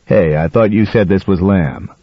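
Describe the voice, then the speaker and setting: Brief: low, grumbling blunt husband, read by a man, dry flat sound. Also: normal speed, no echo. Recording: dull dry audiobook recording.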